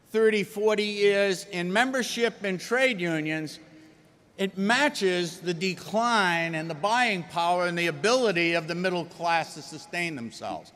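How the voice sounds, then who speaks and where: Emphatic, folksy union speaker, man with a Rhode Island accent, slightly high voice, recorded in a reverberant hall. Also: bright, forceful tone. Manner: folksy, emphatic, jokes with the audience. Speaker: union leader addressing a convention. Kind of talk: convention speech.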